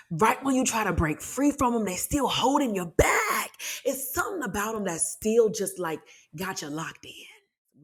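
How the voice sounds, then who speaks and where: A woman's voice: mid-range voice, breathy edge. A young adult woman hosting a solo podcast, talking casually and animatedly with sassy asides to her listeners. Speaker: podcast host.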